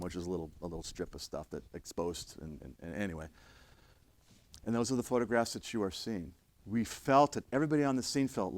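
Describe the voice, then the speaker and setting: Older male instructor, low voice, dry close sound; emphatic storytelling with restarts. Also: no room sound. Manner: emphatic, with frequent restarts and swings in loudness. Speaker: fire service instructor. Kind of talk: storytelling lecture.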